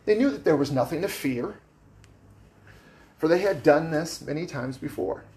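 A man's voice: a little high, lively intonation, moderate pace, darkish tone. A man preaching a sermon as pastor, conversational and plainspoken, with casual asides to the congregation. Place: church sanctuary.

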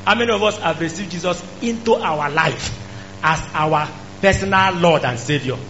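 Man, preacher, emphatic sermon, high voice, dull recording with faint hum. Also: normal speed. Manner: emphatic, rising to shouts.

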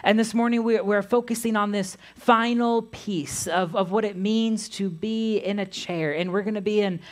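A woman pastor giving a sermon, reading scripture aloud in a measured way. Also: mid-range voice, steady tone.

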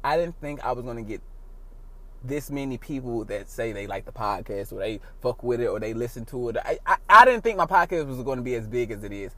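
A man's voice: mid-range voice, lively intonation, a little fast, pushed and bright, dry recording. A man from St. Louis hosting his podcast in casual chat, loose, profane and slangy. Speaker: podcast host. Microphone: phone call recording.

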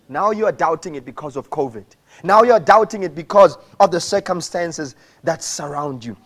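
Male pastor, high voice, animated sermon delivery with shouted peaks. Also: moderate pace.

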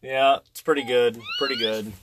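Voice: medium pitch, normal speed, noisy background. An adult hosting a casual podcast with a child, teasing her with dry, amused remarks in a very small room. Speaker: podcast host.

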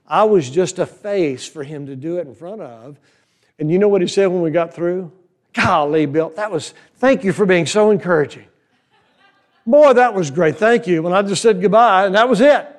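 An older man preaching a sermon in a folksy, animated way, full of rhetorical questions to the crowd. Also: a little high. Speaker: conference speaker.

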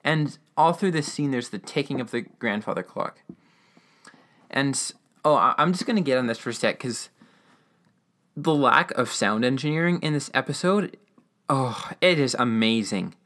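A man's voice: mid-range voice, expressive, moderate pace, a bit bright. A man casually recapping a radio-drama episode, rambling with lots of fillers and enthusiastic asides.

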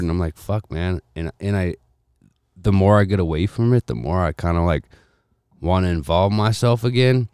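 A young man in casual podcast chat, telling stories and mimicking people with loud voices. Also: sits low, normal speed, smooth, no room sound, studio quality. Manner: animated storyteller, does loud mimicking voices. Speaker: podcast co-host.

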